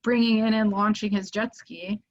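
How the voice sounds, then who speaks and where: A woman in the middle of a casual storytelling, filling her sentences with "like" and getting animated when the story peaks. Her pitch sits in the middle of the range. The sound is a little dull, as if from a basic podcast mic. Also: normal speed. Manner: animated, lots of "like" fillers, rises when excited. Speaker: podcast guest.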